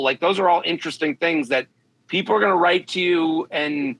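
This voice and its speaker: A man talks bluntly and emphatically on a podcast, a comedian handing out dating advice. His voice sits a little high and has a bright, forceful edge. He keeps slipping into the voices of imagined people he quotes. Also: moderate pace, rough recording. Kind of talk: podcast chat.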